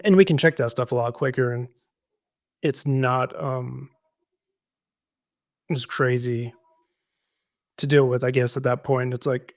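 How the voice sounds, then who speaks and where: A man who is a guest on a recovery podcast, talking through his experience in a relaxed, reflective way, with many fillers and restarts. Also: medium pitch, a little slow, long pauses. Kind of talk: casual conversational storytelling.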